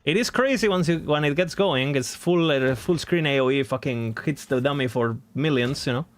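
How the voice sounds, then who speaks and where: A rambling, self-mocking man talks his way through a game on a casual live stream, his voice sitting a touch higher than most men's. He chats loosely with his viewers as host and breaks into laughter at his own jokes. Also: normal speed. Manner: rambling, chatty, laughs at himself.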